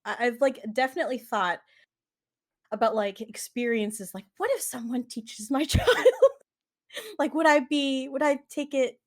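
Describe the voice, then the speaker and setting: A woman's voice: sits high, a little slow. Young woman, casual podcast chat, giggly, filler-heavy. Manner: storytelling with frequent laughs and fillers. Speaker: podcast co-host.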